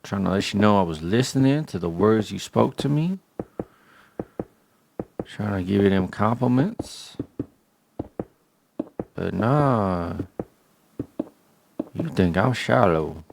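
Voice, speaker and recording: A man's voice: fairly low pitch, animated, slow pace, creaky, pauses often, noisy background. A man livestreaming a game, chatting casually in a slangy, joking rant. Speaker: gaming livestreamer. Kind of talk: casual chat while gaming.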